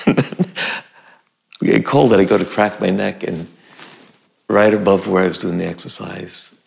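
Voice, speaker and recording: Deep gravelly guy, middle-aged acting teacher telling a story casually, kinda husky. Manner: conversational storyteller, acts out his own past lines. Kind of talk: personal anecdote told to camera.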